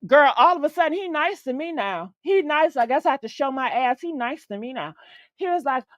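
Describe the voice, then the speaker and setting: A woman hosting a stream, telling a story in a chatty, animated way, swearing freely and calling the listener "girl.". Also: high voice, brisk, dry recording, highs cut off. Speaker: host. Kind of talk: casual storytelling on a live stream.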